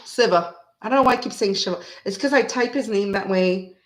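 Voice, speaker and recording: A woman talking casually at home while hosting a tarot reading. She rambles from topic to topic and breaks into hummed or sung snippets of songs. Now and then she softens her voice to coo at her cat. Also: mid-range voice, brisk. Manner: chatty and rambling, breaks into humming and singing song snippets; talks softly and affectionately to her cat. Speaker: tarot reader and channel host. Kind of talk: casual chat on a live reading.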